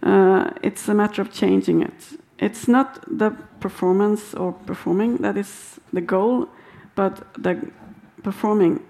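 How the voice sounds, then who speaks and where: A woman speaking hesitantly as a panel participant, halting often as she thinks aloud. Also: medium pitch, steady tone, creaky, warm tone. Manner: halting, many fillers and restarts. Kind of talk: hesitant conversational remarks.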